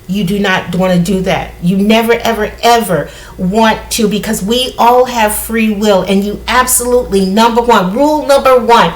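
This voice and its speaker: A woman's voice: medium pitch, moderate pace. A woman talking casually to her viewers, rambling with asides and laughs. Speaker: spiritual vlogger. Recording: echoey room.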